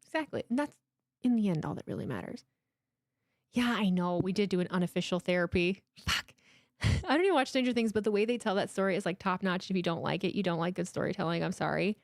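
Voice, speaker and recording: A woman in her thirties hosts a live watchalong stream from home, chatting casually with animated emotion, swearing freely and restarting her sentences. Her mid-range voice moves at a quick pace, and the studio-quality sound has no echo.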